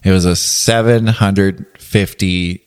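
Low-voiced man telling laughing stories. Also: takes it slowly, clean tone. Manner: laughing, animated storyteller. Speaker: adaptive athlete and podcast regular. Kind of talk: casual storytelling.

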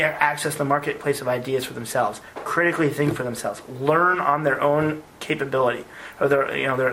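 A man's voice: on the high side, slight background noise, rough recording. A man, a former army officer, tells stories earnestly in an interview and often repeats words as he goes. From United States. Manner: earnest and animated, with frequent word repeats. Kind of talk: conversational storytelling interview.

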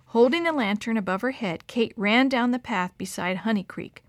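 A woman's voice: fairly high pitch, normal speed, hardly any pauses, no echo. Woman reading a dramatic story. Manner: expressive, dramatic. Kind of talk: scripted story narration.

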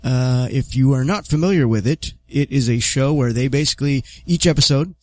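A man's voice: medium pitch, fairly quick, darkish tone, no room sound. A man hosting a podcast in a casual chat, talking with a lisp because he is wearing fake vampire fangs. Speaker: podcast host.

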